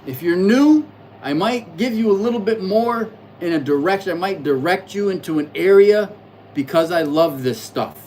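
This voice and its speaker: A man hosting a casual livestream, rambling and reflective, stammering through restarts as he talks loudly and excitedly to his viewers in chat. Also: high voice, moderate pace, slight background noise, poor audio. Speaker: livestream host reading astrology charts.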